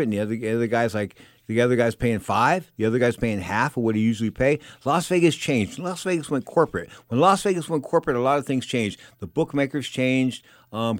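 An older man hosts a talk radio show on boxing, talking fast in a loose, rambling monologue. He is opinionated and circles back over the same points again and again. His voice is close and dry on a studio microphone. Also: mid-range voice, no room sound. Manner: rambling, opinionated, repeats himself.

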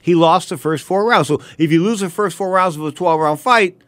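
A man's voice: sits high, fairly quick, a bit bright, no echo. An older man telling boxing stories in an emphatic, casual commentary style, repeating his set phrases.

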